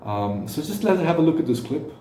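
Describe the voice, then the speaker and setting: A man giving reaction commentary, speaking haltingly with frequent fillers and restarts. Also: fairly high pitch, sing-song, warm tone, reverberant, slight background noise.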